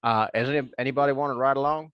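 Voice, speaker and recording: A man's voice: medium pitch, fairly even intonation, racing, clear, resonant tone, no room sound, highs cut off. A man playing a tabletop game, describing his character's gear in a rambling way, full of fillers and restarts. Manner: rambling, filler-heavy with many likes and ums. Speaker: player.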